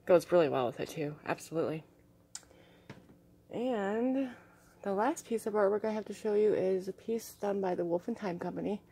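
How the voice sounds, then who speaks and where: A young woman vlogging casually as she shows her crystals and artwork, gushing and soft-spoken and often dropping to a hushed tone. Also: medium pitch, expressive, moderate pace, husky. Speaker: vlogger showing crystals and art. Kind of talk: casual show-and-tell vlog.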